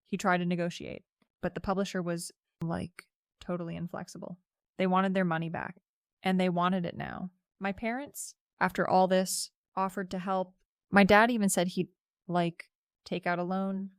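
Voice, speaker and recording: A woman's voice: on the low side, level tone, moderate pace, smooth, no echo, clean studio sound. A young woman narrating a first-person story in a casual, chatty way, with lots of "like" fillers.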